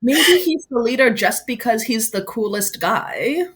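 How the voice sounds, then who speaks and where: A woman's voice: on the high side, expressive, unhurried. A woman guesting on a podcast, chatting casually and offering dry, thoughtful asides. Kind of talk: casual chat.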